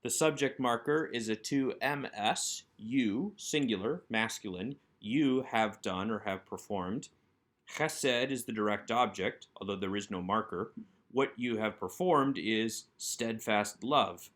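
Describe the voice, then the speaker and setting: Patient, low-voiced male Hebrew teacher. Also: a little slow, a bit bright. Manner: patient, methodical explaining of grammar. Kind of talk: recorded workbook lesson.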